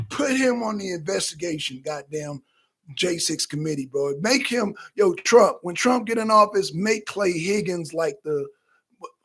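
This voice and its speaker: Brief: husky man with a high voice, co-host doing a loose, profane, animated rant. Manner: animated, loose and profane, slips into quoting himself. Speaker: talk show co-host. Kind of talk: casual profane commentary.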